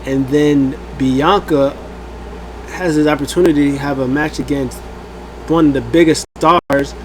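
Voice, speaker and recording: A man's voice: fairly high pitch, measured pace, a little hiss or hum, low-quality recording. A man casually recapping a wrestling event as host of a review show, rambling with many fillers and acting out what people said. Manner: rambling, animated, many fillers, acts out quotes.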